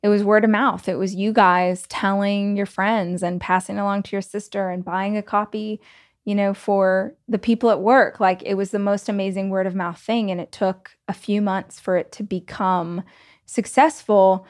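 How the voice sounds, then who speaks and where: A woman's voice: medium pitch, moderate pace. A woman podcast host from the American South with a Southern accent, telling a personal story in a chatty, casual way full of "like"s. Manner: chatty, animated, many "like"s and laughs.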